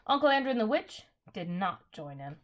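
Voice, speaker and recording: A woman's voice: mid-range voice, very animated, fairly quick. Casual woman reading a storybook aloud. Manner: casual, self-correcting, apologetic asides. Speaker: reader. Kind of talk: reading a children's novel aloud.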